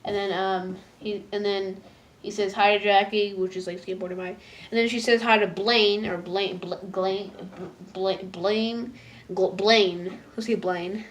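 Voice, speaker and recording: A woman casually recapping a cartoon episode, rambling with lots of "like"s and stumbling restarts, jumping into high loud voices for the characters. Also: fairly even intonation, measured pace. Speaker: episode reviewer.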